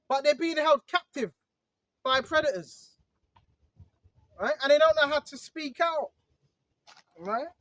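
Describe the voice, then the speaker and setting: The voice sits high and a bit bright as an online preacher talks informally, stressing and repeating points while frequently checking in with the listener. It's a dull, lo-fi recording with no room sound.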